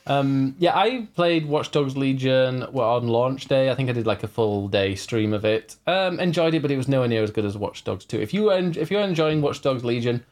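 A man's voice: mid-range voice, lively intonation, moderate pace, few pauses, darkish tone. A man, a streamer co-hosting a gaming podcast, chatty and rambling, reading out viewer comments. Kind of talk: casual gaming chat.

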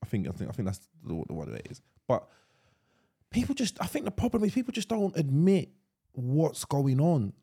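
A man's voice: fairly high pitch, huge pitch swings, a little fast, dark tone, slightly rough. A man co-hosting a podcast in casual chat, rambling and restarting his sentences, with a lot of slang. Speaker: podcast co-host.

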